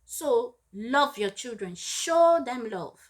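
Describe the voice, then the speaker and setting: Earnest, high-voiced woman giving parenting advice. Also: lively intonation, takes it slowly. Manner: earnest and emphatic, repeats points for weight; acts out scolding parents in raised voices. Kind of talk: direct-to-camera advice talk.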